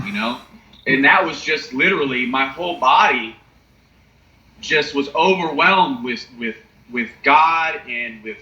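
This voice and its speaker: A man's voice: on the high side, pushed and bright. A young man telling a personal recovery story in casual, profane chat, often asking "you know what I mean?". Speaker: podcast co-host. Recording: echoey, dull lo-fi sound.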